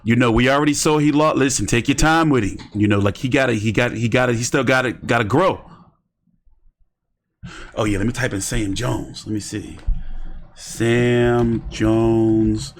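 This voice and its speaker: Casting: American male streamer, mid-pitched, slangy, rambling, thinks out loud. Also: moderate pace. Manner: rambling, slangy, talks to himself while browsing. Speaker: boxing streamer. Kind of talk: casual live-stream commentary.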